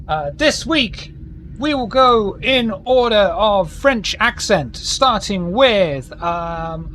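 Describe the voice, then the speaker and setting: A man's voice: high voice, lively intonation, takes it slowly, fairly bright tone, slight background noise. A man running a tabletop game as game master, narrating and hosting theatrically over a call mic.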